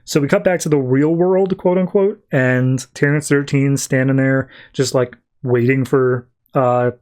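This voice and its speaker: A man's voice: mid-range voice, steady tone, unhurried, darkish tone. A man hosting a podcast, casually retelling a comic's story and acting out the characters' lines along the way. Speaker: podcast host.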